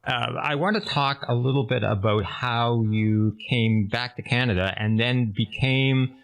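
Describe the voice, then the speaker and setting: A man's voice: mid-range voice, measured pace, poor audio. A man hosting an interview, asking questions in a casual, conversational way. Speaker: interview host.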